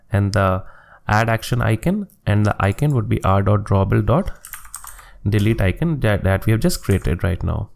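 A man's voice: fairly low pitch, vocal fry, a little mellow. A man narrating a screen-recorded coding tutorial, walking step by step through each click and line of code at his desk.

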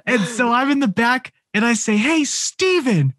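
A young man on a podcast, telling a story in a lively, animated way, swearing and acting out the quotes. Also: extremely high pitch, a little fast, a crowd in the background. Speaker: podcast co-host. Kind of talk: casual podcast chat.

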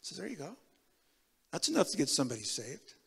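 A man in his seventies preaching a personal testimony, with a high, bright, ringing voice. He tells his story in an animated way and acts out the conversations. The sound carries the long reverb of a church hall. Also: a little fast, creaky. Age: 70s. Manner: animated storyteller acting out dialogue. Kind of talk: testimony sermon.

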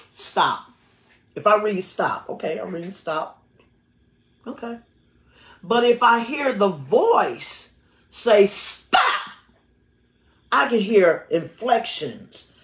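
A woman pastor preaching a sermon in an animated way, stumbling over repeated words and rising into fervent prayer. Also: medium pitch, roomy sound. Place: church sanctuary.

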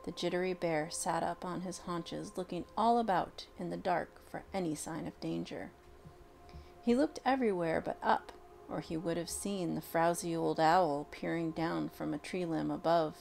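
A woman reading a picture book aloud, expressive and unhurried with dramatic pauses. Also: fairly low pitch, creaky, soft background music. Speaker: storyteller. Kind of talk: storybook read-aloud.

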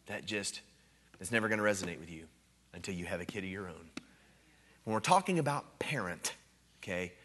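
A man in his thirties preaching at a revival, telling a personal story with animated, emphatic delivery. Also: fairly low pitch. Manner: animated storytelling, rising to loud emphatic peaks. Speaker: guest preacher. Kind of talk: revival sermon.

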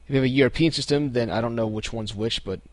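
A man's voice: medium pitch, quick pace, dry recording. A young man talking casually through a step-by-step computer tutorial, with lots of ums and restarts. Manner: relaxed, many ums and restarts. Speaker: tutorial host. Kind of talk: casual screen-recorded tutorial.

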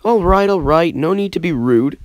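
A man's voice: fairly high pitch, lively intonation, normal speed, no room sound, pitched above the performer's own voice, lightly acted. A man voicing an eager, polite young engine who is keen to work. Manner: polite, keen, a bit pleading.

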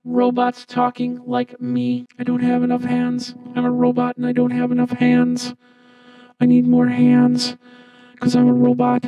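A flat buzzing robot filter. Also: male voice, very high voice, unhurried, creaky, dull audio, faint music behind, pitched above the performer's own voice, heavily acted. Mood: playful. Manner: flat, droning, jokey. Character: monotone male robot, playful.

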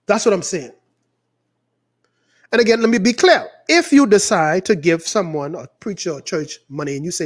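A man's voice: high-pitched, sing-song, normal speed. Fiery Bahamian preacher man. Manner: angry, emphatic, swings between loud outbursts and quieter asides. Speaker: pastor. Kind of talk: impassioned preaching.

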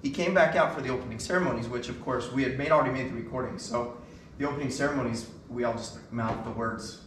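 A middle-aged man telling an excited anecdote from a concert stage, with many fillers and restarts. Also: mid-range voice, fast, a little hiss or hum. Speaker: band concert speaker. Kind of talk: storytelling from stage. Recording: echoey hall, mic at a distance.

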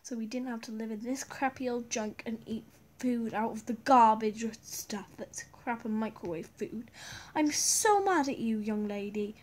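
A young woman voicing an exasperated mother loudly scolding her teenage daughter in an amateur role-play drama. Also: fairly high pitch, steady tone, moderate pace, lightly acted. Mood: angry scolding. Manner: loud and exasperated. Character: angry scolding mother of a teen girl.

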